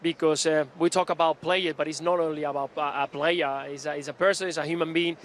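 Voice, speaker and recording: A man from the club's coaching staff in a live pitchside interview at an outdoor training ground. He speaks earnestly and haltingly, with many restarts and fillers. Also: steady tone, slight background noise.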